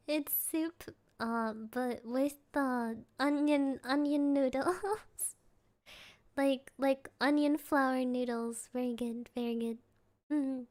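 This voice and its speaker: Young woman streamer, high unhurried voice, giggly, playful chat with viewers. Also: darkish tone. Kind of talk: casual livestream chat.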